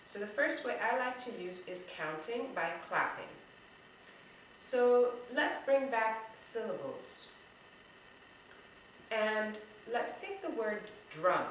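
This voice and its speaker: A woman leads a drumming lesson for young children, speaking slowly and with encouragement. Her voice is bright. It comes from some way off the mic and echoes around the room. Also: fairly high pitch, very animated, distant mic, a little hiss or hum. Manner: slow, encouraging, talks straight to the kids. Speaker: music teacher for young children.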